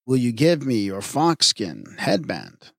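A man's voice: medium pitch, huge pitch swings, slow, vocal fry, no echo, exaggerated voice. A man reading the part of a proud old male sun spirit in a myth, with a dry close sound. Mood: resigned.

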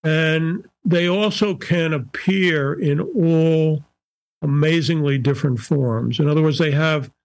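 A gravelly older man with a slightly raised pitch speaks as a psychiatrist guest on a podcast. He talks in a measured, searching way, circling back and restarting phrases as he explains. The recording is close and dry, with no room sound. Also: a little mellow, dry recording, rough recording. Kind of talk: conversational podcast interview.

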